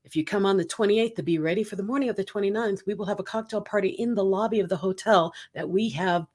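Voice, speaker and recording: A woman's voice: medium pitch, fast, darkish tone. Chatty upbeat woman podcast host. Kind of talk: casual podcast chat.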